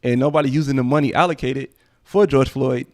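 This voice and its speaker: A man's voice: medium pitch, brisk, no room sound, clean studio sound. A man hosting a casual commentary livestream, rambling conversationally. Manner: rambling, conversational, frequent "you know what I'm saying". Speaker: livestream host.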